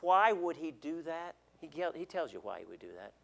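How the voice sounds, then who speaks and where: A man's voice: a little high, very animated, normal speed, creaky. A man preaching a sermon as an elder, earnest, repeating words and asking the congregation questions. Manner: swings between loud emphasis and quiet drops.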